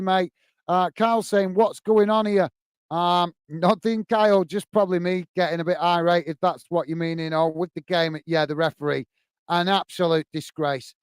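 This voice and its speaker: A man with a high, smooth voice hosts a football fan live stream, reading viewer comments aloud and answering them. He sounds frustrated and emphatic, hammering the same points again and again. The sound is dry and close. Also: no echo. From United Kingdom. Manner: frustrated, emphatic, repeats himself. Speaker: host of a football fan channel.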